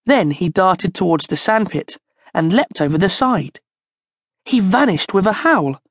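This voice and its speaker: A woman narrating a children's storybook in a slow, expressive storytelling manner, close to the mic. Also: mid-range voice, dry recording. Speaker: audiobook narrator.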